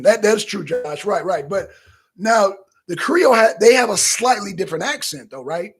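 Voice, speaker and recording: Husky, high-voiced man ranting animatedly. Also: normal speed. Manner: animated, loose and profane, slips into quoting himself. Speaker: talk show co-host. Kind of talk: casual profane commentary.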